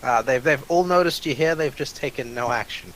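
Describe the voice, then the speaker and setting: A man's voice: mid-range voice, brisk, a bit bright, a little hiss or hum, rough recording. A man running a tabletop game as game master, narrating with frequent uh's, repeated words and dry, self-mocking asides.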